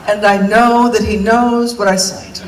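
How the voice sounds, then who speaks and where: A woman tells candid, rambling, self-mocking stories from a concert stage. She is heard from far off in the audience, her voice washed in a long hall reverb. The crowd murmur sits clearly behind her. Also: medium pitch. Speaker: singer performing on stage. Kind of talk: comic stage monologue. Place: large concert venue, indoors. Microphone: recorded from the audience, far from the stage. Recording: distant, echoey arena recording with crowd noise.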